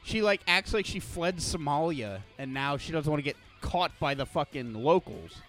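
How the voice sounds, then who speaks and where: A man with a fairly high, very lively voice rants through a story on a casual podcast. He swears freely and his pitch swings widely as he tells it. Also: moderate pace, soft background music. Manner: animated, profane storytelling. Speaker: podcast host.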